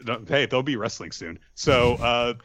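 A man's voice: mid-range voice, animated, normal speed, fairly bright tone, slight background noise. A man casually recapping an anime episode with wry asides and short acted quotes. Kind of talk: casual chat.

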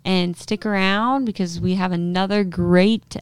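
A young woman co-hosting a hunting podcast, telling a story in a lively casual way and acting out what people said. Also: medium pitch, measured pace, clean tone, no echo. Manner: animated retelling with quoted voices. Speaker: podcast co-host.

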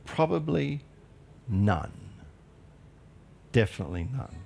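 A man's voice: medium pitch, sing-song, slow pace, creaky, darkish tone, breathy edge. A male pastor preaching a sermon in an earnest, emphatic way with light humorous asides.

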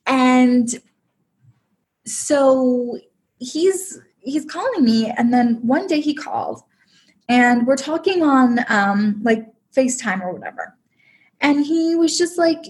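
Her voice is high-pitched and sing-song, and she speaks slowly. As a podcast guest recounting something personal, she comes across as chatty and emotional, leaning heavily on "like."

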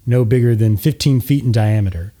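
Male game master, warm dark voice, easygoing narration. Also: mid-range voice, fairly quick. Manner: relaxed, with frequent filler words.

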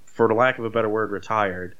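A man casually retelling a movie plot, rambling and animated, with swearing. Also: fairly low pitch, fast, dull audio. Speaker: podcast co-host.

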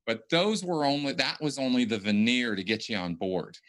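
Bright-voiced man hosting a podcast. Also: medium pitch, big pitch swings, moderate pace. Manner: restarts often, emphatic. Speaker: podcast host. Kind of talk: casual conversational podcast.

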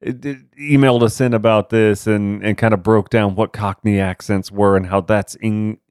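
Smooth-voiced, low man from Texas. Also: moderate pace, no echo, studio quality. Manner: animated, jokey, jumps up in pitch for bits. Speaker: podcast co-host. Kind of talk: casual chat.

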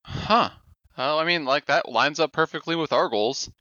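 A man's voice: on the high side, moderate pace, sharp tone. A man co-hosting a casual gaming podcast with dry, teasing remarks. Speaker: podcast co-host. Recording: dull lo-fi mic.

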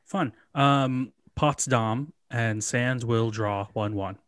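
A man's voice: medium pitch, slow pace, a bit bright, clear, resonant tone, dry recording. A man co-hosting a casual football podcast, dropping dry, wry one-liners between his score picks. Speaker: podcast co-host. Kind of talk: casual sports chat.

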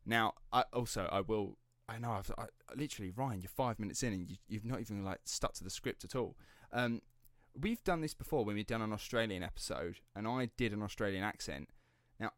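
A man's voice: lowish voice, a bit bright, no echo, studio quality. A man hosting a casual true-crime podcast, rambling and laughing as he drifts off script. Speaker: podcast host.

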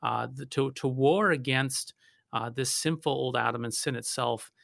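Gravelly, bright-voiced pastor. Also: male voice, mid-range voice, moderate pace, dry recording, studio quality. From North Dakota. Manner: animated storytelling with frequent restarts. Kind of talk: conversational theological discussion.

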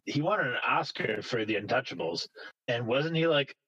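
A man co-hosting a podcast, chatting casually in an animated, opinionated way. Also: mid-range voice, moderate pace, breathy edge, no echo, muffled recording. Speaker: podcast co-host. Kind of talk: casual chat.

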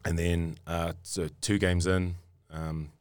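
A man's voice: low-pitched, flat delivery, slow pace, a little mellow, smooth, no echo, clean studio sound. A young New Zealand man, a rugby player being interviewed, telling a story in a rambling way with many restarts. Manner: rambling, repeats and restarts words often.

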